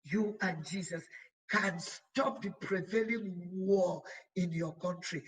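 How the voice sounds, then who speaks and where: This woman bishop has a husky, steady voice that sits on the low side, captured in a low-quality recording. Her sermon builds emphasis through repeated phrases, and she drags out words in a slow, deliberate, emphatic exhortation.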